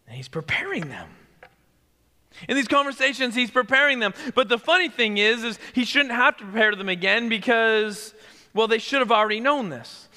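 A man preaching a sermon as pastor, talking conversationally and sinking to a hushed near-whisper for emphasis. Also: very high voice, in a large hall.

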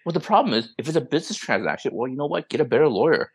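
A man's voice: mid-range voice, animated, very fast, breathy edge. A man co-hosting a casual podcast chat, blunt and sarcastic, mocking others in put-on voices. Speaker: podcast co-host.

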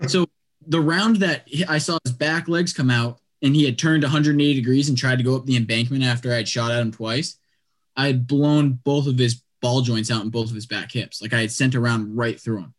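A man telling a story in casual conversation, animated and rambling, with a lot of "like" fillers. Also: medium pitch, a little fast. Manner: animated, rambling, heavy use of "like".

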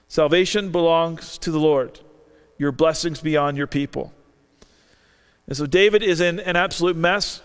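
Earnest preacher in a reverberant hall. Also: male voice, fairly high pitch, clear, resonant tone. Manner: earnest, reads scripture aloud, rises for quoted lines. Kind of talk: sermon. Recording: long reverb of a large hall.

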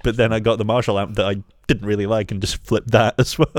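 A man's voice: lowish voice, little pitch movement, quick pace, no room sound, clean studio sound. A man telling wry, joking anecdotes as a podcast co-host. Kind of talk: casual chat.

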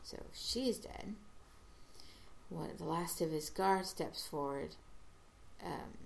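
Woman, low and unhurried, halting casual recap with acted-out quotes. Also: vocal fry, slight background noise. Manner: halting, restarts, acts out quoted lines. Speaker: episode recapper.

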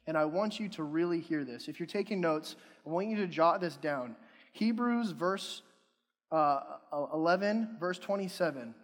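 Brief: young male preacher, casual joking sermon, slightly high voice, long reverb of a big hall. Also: expressive, normal speed. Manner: casual, joking, self-deprecating.

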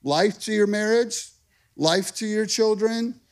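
A man in his thirties, a pastor preaching a lively, conversational sermon, calling out to the congregation. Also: sits high, slow pace. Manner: energetic, conversational preaching with call-and-response.

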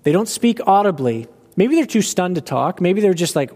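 A man's voice: very animated, moderate pace, few pauses, darkish tone. A man preaching a sermon, explaining scripture in a conversational way and lifting his voice when he presses a point. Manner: expository, conversational, rising in pitch for emphasis. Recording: long hall reverb.

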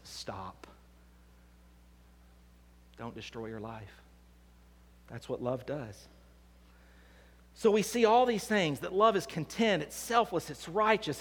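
A man preaching a sermon as pastor, swinging between hushed and emphatic delivery. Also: a little high. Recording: long hall reverb.

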